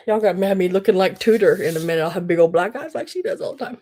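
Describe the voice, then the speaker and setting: A woman hosting a live online sale, tearful and crying as she talks, emotional and grateful, halting between her words. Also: on the low side, warm tone. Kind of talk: live-streamed auction chat.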